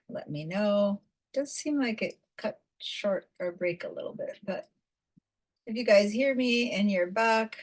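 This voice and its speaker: A woman with a mid-range voice teaches a design class over a video call, heard through a computer mic in a rough recording. She's chatty, with many fillers and restarts.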